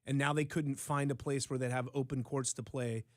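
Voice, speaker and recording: A man's voice: medium pitch, level tone, fairly quick, dry recording, studio quality. An older man co-hosting a talk show, explaining things matter-of-factly and often restarting his sentences. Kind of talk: casual chat.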